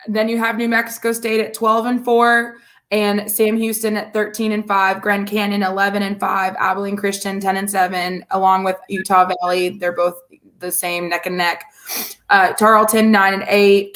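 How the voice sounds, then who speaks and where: A woman's voice: mid-range voice, level tone, moderate pace, a bit bright. A woman co-hosting a casual sports podcast, chatty and rambling with lots of fillers. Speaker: podcast co-host.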